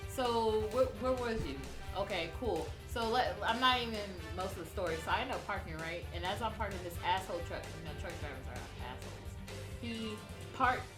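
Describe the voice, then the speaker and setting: A young woman telling a story in casual livestream chat, animated and profane, acting out the lines of the people in it. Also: medium pitch, a little fast, roomy sound, over music. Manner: animated, profane, acts out quotes.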